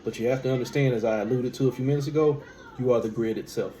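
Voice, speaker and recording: A man's voice: mid-range voice, quick pace, warm tone, soft background music. A man giving a spiritual teaching monologue, emphatic, asking rhetorical questions and repeating key phrases. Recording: echoey room with faint background hum.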